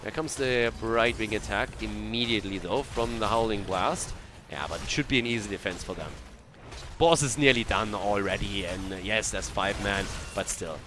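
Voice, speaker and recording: A man casting a video game match on his own, mixing brisk play-by-play with coaching tips. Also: lowish voice, background noise. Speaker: esports caster. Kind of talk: solo match commentary with analysis.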